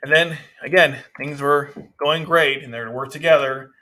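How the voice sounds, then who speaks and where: A man's voice: fairly high pitch, fairly even intonation, normal speed, pushed and bright. A man casually reviewing a manga chapter, rambling, with frequent restarts. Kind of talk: casual commentary.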